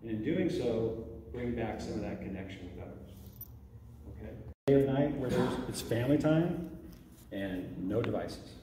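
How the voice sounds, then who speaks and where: An expressive man with a medium-pitched voice and moderate pace, a youth ministry director, leads a conversational parent talk at a church, repeatedly checking in with "okay?". The recording is distant, echoing around the church hall, and the background is noisy.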